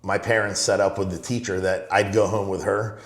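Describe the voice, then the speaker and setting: Low-voiced man with a rambling style. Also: flat delivery, fairly quick, roomy sound. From Los Angeles. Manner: rambling, fills with "you know", retells his father's sayings. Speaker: guest. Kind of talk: casual storytelling.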